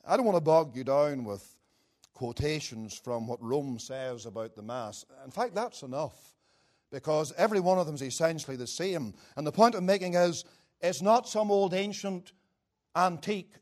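A man preaching a sermon with passion, rising to loud declamation and dropping to quiet, low asides. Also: lively intonation, moderate pace.

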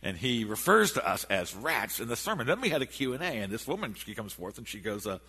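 A man preaching a sermon in a church, animated and storytelling, with frequent restarts. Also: mid-range voice, a little fast, few pauses, breathy edge. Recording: echoey hall.

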